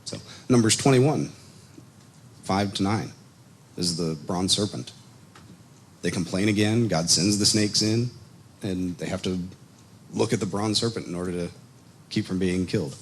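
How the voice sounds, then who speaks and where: A man leads a casual Bible study on a microphone, telling the story in an animated way. His voice sits low, with faint background hiss. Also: unhurried, long pauses. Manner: animated storytelling, acts out quotes, chuckles. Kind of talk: casual teaching. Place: congregation meeting room. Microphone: microphone on a PA system.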